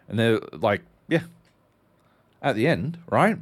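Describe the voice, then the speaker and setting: A man co-hosting a podcast, telling stories in animated casual chat and swearing often. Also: mid-range voice, takes it slowly. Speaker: podcast co-host.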